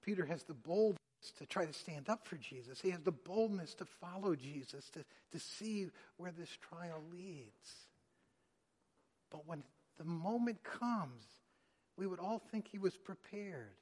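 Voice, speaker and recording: Man, preacher, sermon, fairly high voice, dramatic delivery, long reverb. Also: animated, a little slow, breathy edge. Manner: dramatic, acting out quotes with sharp swings in loudness. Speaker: pastor.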